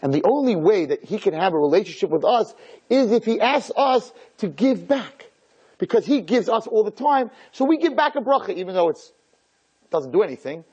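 A man who is a rabbi, giving a lively Torah lecture to a group, acting out little dialogues and firing off rhetorical questions. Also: high-pitched, moderate pace, breathy edge, muffled recording.

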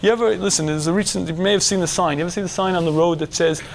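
A middle-aged man giving a religious lecture to men, animated, dropping to a hush and then shouting as he acts out inner voices. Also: high voice, very fast, gravelly, few pauses, a little hiss or hum. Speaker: religious teacher. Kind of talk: lecture to a men's audience.

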